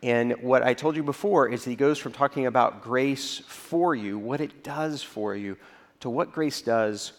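Delivering a sermon, this male pastor speaks to his congregation at a mid pitch and an unhurried pace. His storytelling is easygoing and conversational, and he lowers his voice to play out how he himself reacted.

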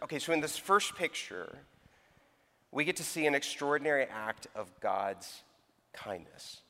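A man's voice: on the high side, lively intonation, normal speed, sharp tone, a faint crowd, a little hiss or hum. Upbeat man leading a church gathering. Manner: upbeat and encouraging, with fillers. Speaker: church service leader interviewing students. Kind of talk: live church talk. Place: church sanctuary. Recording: echoey hall.

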